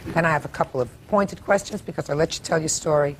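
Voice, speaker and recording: A woman's voice: sits low, fast talker, background noise. An older woman judge in a courtroom, questioning bluntly and sharply.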